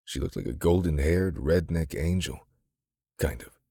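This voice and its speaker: A man tells a romance story in a steady, intimate manner. His voice is extremely deep with a husky edge. The close studio recording is dry, with no room sound. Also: a little slow, dry recording. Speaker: audiobook narrator. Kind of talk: scripted narration.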